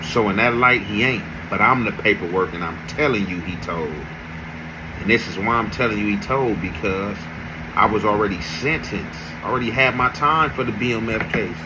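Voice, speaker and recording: A man giving emphatic commentary to viewers in deliberate street talk. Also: fairly low pitch, noisy background. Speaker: host narrating commentary. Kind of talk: commentary to camera.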